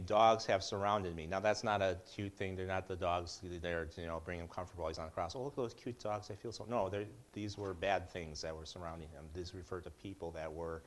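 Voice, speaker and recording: A middle-aged man giving a casual Bible teaching in a conversational way, with joking asides and frequent restarts. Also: low-pitched.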